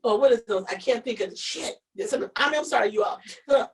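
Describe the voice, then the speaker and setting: A woman co-hosting a casual live-stream chat, telling a story in an animated way, with many restarts and repeated words. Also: a little high, fast talker, far from the mic, low-quality recording. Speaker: show co-host.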